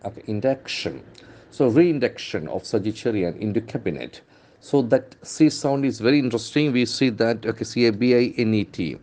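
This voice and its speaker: Indian english guy doing a pronunciation lesson, mellow low-ish voice, says words over and over. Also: animated. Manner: drills words aloud, repeating them slowly; spells words letter by letter. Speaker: English trainer. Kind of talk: newspaper-based pronunciation lesson.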